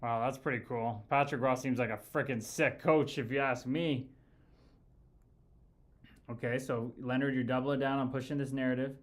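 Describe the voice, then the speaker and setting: Rambling ex-hockey player host. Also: male voice, mid-range voice, fairly even intonation, moderate pace. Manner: rambling, profane storytelling with many fillers and restarts. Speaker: podcast host and former pro hockey player. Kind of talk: casual livestream chat with viewers.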